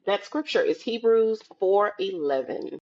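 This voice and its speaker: A woman guest on a podcast, chatting casually and telling lively stories, acting out the voices of the people she quotes. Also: medium pitch, measured pace, muffled recording. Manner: animated storytelling, acts out quoted voices. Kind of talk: casual chat. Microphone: video call.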